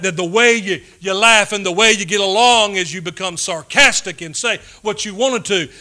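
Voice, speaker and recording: Delivering his sermon, this male pastor speaks high-pitched, forceful and bright, dropping from loud, emphatic lines into quiet whispered asides.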